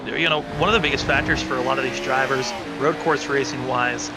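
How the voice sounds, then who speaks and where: A man's voice: mid-range voice, fairly even intonation, brisk, loud music behind the voice. A man doing color commentary on a sim racing broadcast, explaining driving technique at length. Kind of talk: live race commentary. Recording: noisy stream audio.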